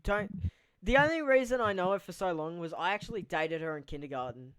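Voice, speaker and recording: Young aussie bloke rambling on his podcast, swears a lot, bit high and clear. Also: animated, fairly quick, a bit bright, no echo, poor audio. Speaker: podcast host. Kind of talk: casual chat.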